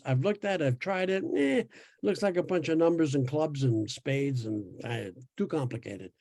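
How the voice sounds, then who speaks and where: An elderly man in his eighties, from New York, talks in a rather high voice. He tells long, winding stories with restarts and the odd laugh, recorded dry and close with no room sound. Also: a little mellow, dry recording. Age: 80s. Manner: rambling storyteller with restarts and laughs. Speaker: podcast guest sharing his experience. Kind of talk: casual conversation.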